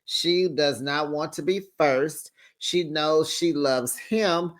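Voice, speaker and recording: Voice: medium pitch, takes it slowly. A host recapping a reality TV episode in a casual, chatty way, acting out what the cast said and throwing in sassy asides to the viewer. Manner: dramatic storyteller who acts out cast members' lines and laughs often; sassy, talks straight to the viewer.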